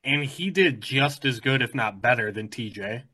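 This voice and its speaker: Male co-host, bright tense timbre, earnest and eager. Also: mid-range voice, animated, normal speed, breathy edge. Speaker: podcast co-host. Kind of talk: casual chat.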